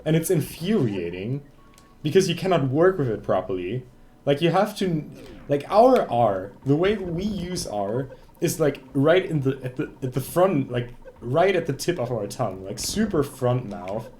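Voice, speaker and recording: A man's voice: medium pitch, sing-song, unhurried, a little mellow, slight background noise. A young German man streaming a game, chatting casually in English with a German accent, ranting and swearing in exasperation. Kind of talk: casual live-stream chat.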